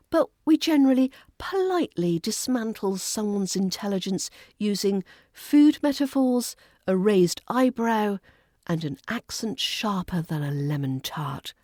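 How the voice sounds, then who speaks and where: A woman's voice: mid-range voice, darkish tone, dry recording, clean studio sound. A woman with a British RP accent teaching pronunciation, playfully demonstrating phrases with exaggerated intonation. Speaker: accent coach. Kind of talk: scripted pronunciation lesson.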